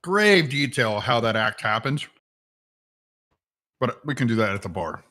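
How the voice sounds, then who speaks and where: Lively, bright-voiced tabletop player man. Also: medium pitch, measured pace. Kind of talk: casual tabletop play.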